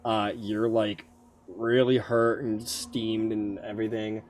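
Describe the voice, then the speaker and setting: A man's voice: on the low side, flat delivery, slow pace, slight background noise. A man narrating a tabletop game as game master, loose and full of fillers.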